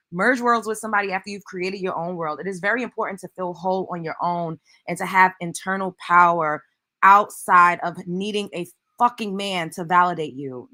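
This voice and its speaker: A woman's voice: on the low side, sharp tone. Emphatic preachy woman commentator. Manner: preachy, emphatic, swears freely. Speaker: commentary host. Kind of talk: reaction commentary.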